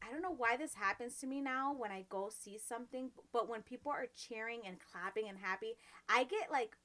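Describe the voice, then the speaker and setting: Woman, 30s, podcast co-host: high bright voice, animated, laughs a lot. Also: fairly quick. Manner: laughs often, animated storytelling. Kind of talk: casual chat.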